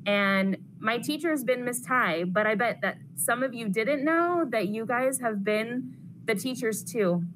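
A young woman counselor intern, reading a rhyming picture book aloud to children in a lively, sing-song way. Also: on the high side, unhurried. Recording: noisy classroom recording.

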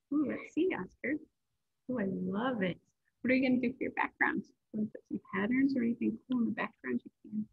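A woman's voice: on the high side, brisk, creaky, breathy edge. A woman teaching a children's art class, encouraging the kids and reading a picture book aloud. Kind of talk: kids' class instruction and read-aloud. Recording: tinny lo-fi phone-like audio.

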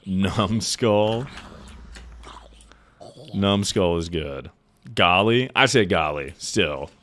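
A young man with a deep voice talks very slowly as he livestreams a game, answering chat out loud with jokes and swearing. A little background noise is audible.

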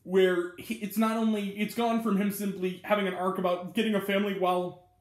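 A man's voice: high-pitched, flat delivery, fairly quick. A man hosting his own channel, giving a casual spoken movie review, rambling and chatty with lots of filler words and little laughs. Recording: roomy echo.

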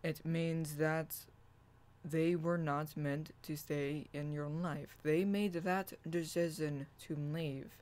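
Very slow, deliberate affirmation reader. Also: mid-range voice, fairly even intonation, darkish tone. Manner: deliberate, soothing, repetitive affirmations. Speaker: channel host reading own blog writing. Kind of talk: slow spoken affirmation reading.

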